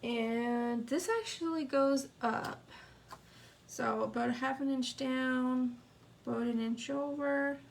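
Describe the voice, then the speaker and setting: A woman's voice: high voice, fairly even intonation, slow pace, creaky, background noise. A woman teaching a live card-making lesson, chatting with viewers as she works. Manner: chatty, talks to viewers while working. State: sniffling, hiccups. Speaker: papercraft instructor.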